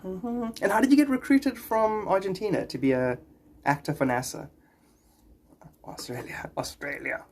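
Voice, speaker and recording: A man's voice: sits high, very animated, moderate pace, darkish tone. A man livestreaming casually, chatting in a rambling way and greeting viewers by name.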